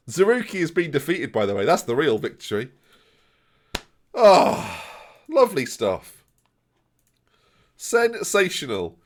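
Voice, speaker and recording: An excitable young man streams a game live, chatting to his viewers in a jokey way. His voice sits fairly high and swings up and down a lot. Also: slow pace, long pauses. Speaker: gaming streamer.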